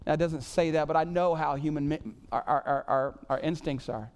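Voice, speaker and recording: A man's voice: fairly high pitch, brisk. A man preaching a casual, joking sermon full of "y'all" and "like". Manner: animated, joking, says "y'all" and "like" a lot. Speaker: pastor.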